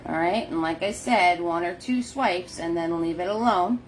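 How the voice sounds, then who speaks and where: A woman's voice: on the low side, moderate pace, a little hiss or hum. A middle-aged woman hosting a live painting class, chatting casually, laughing often and greeting viewers by name.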